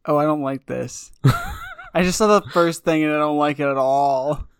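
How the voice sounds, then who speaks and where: A podcast co-host in casual chat, playful and quick to laugh. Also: medium pitch, wildly swooping pitch, smooth, no echo, clean studio sound.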